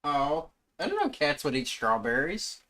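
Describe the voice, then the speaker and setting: A man's voice: on the high side, huge pitch swings, unhurried, sharp tone. A man streaming live, reacting to video clips with profane, blurted comments.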